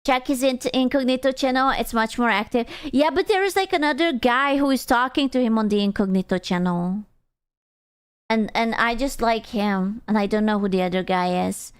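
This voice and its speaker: A woman's voice: on the high side, moderate pace, clean tone. A young woman from Hungary with a Hungarian accent, a streamer chatting casually with viewers, teasing, rambling and swearing freely.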